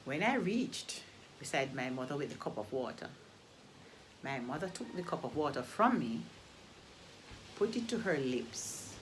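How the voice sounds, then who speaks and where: A woman from Jamaica with a Jamaican accent, telling a story in a deliberate way and repeating phrases for emphasis. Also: deep voice, very animated, slight background noise. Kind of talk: oral storytelling.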